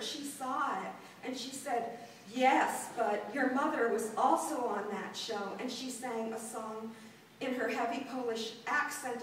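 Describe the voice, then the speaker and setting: A woman in her sixties from Los Angeles, a performance artist telling her life story to a gallery audience in a halting way, with frequent pauses and ums. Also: sits high, slight background noise. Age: 60s. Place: gallery room before an audience. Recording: very echoey room, distant mic.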